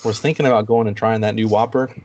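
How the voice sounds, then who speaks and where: Animated male podcast guest, lo-fi sound. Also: fast talker. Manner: animated storyteller, quotes people in a higher voice. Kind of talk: casual chat.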